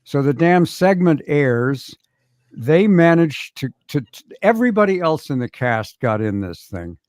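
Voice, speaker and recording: A man's voice: a little high, very animated, a little slow, a little mellow, no echo. A man guesting on a chat show, telling wry, self-deprecating stories about his acting work. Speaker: guest actor. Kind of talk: casual anecdotal chat.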